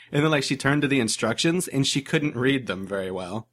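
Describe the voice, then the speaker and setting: A man's voice: mid-range voice, a little fast. A man co-hosting a casual podcast chat, rambling with lots of "like" as he retells movie scenes. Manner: rambling, heavy use of "like", animated retellings.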